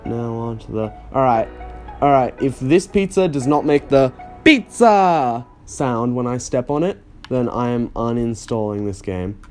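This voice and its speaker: A man's voice: mid-range voice, normal speed, warm tone, soft background music. A young man commenting on a game he is playing, with sarcastic, incredulous reactions. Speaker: gaming YouTuber. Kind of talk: let's play commentary.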